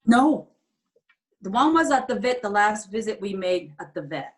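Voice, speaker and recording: A woman telling a personal story in a casual group chat, halting and often restarting her sentences, with non-standard grammar. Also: medium pitch, sing-song. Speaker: group participant sharing a story.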